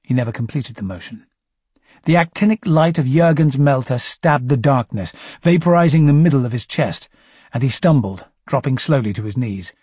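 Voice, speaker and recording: A man's voice: medium pitch, animated, normal speed, a little mellow, slightly rough, dry recording. A man narrating a first-person audiobook story with wry, dry understatement.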